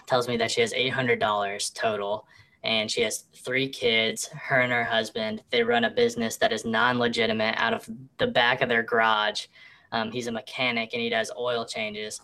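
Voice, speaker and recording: Bright, disguised voice of a man telling a story. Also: mid-range voice. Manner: rambling, halting with fillers. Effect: voice distortion for anonymity. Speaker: real estate agent. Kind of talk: casual storytelling.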